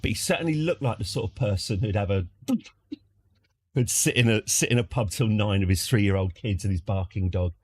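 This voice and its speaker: A man's voice: fairly low pitch, moderate pace, slightly rough, no echo. A British man streaming from home, telling a casual story in a rambling, wry way with lots of restarts. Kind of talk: casual anecdote.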